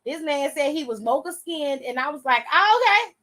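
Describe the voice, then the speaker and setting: A woman's voice: sits high, moderate pace. A woman hosting a casual wrestling recap, talking in a sassy, profane, slangy way.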